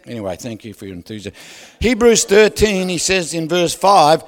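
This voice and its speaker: A man preaching a sermon, loud and animated, who keeps asking the crowd for agreement and drops joking asides with laughs. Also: fairly high pitch, moderate pace. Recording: long hall reverb.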